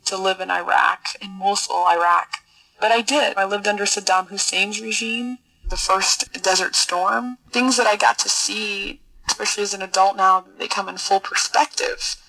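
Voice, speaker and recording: A middle-aged woman guest telling a personal story in an interview, earnest and halting, often repeating words as she searches for them. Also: mid-range voice, vocal fry, pushed and bright, rough recording. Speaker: podcast guest, military officer.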